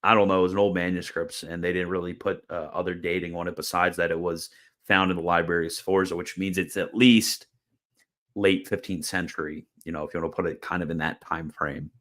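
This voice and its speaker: A man with a fairly low voice talks through a casual explanatory video lecture. His delivery is chatty and informal. He often doubles back on his words, and a dry, mildly sarcastic streak runs through it. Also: steady tone, brisk, fairly bright tone. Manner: chatty and informal, repeats words and restarts phrases. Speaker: host of a theology video channel.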